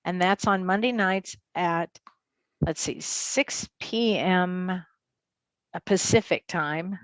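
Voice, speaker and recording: A woman co-hosting a show, speaking earnestly about astrology and spiritual awakening in an unhurried, conversational way. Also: fairly low pitch, dry recording. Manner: earnest, unhurried, with frequent affirming murmurs. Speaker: co-host and spiritual medium. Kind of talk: casual spiritual chat.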